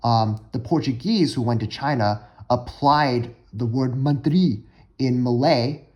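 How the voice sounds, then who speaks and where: A man's voice: medium pitch, measured pace, a little mellow, dull audio. A young man casually explaining vocabulary and pronunciations in a language-learning lesson, talking with many fillers and restarts. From United States.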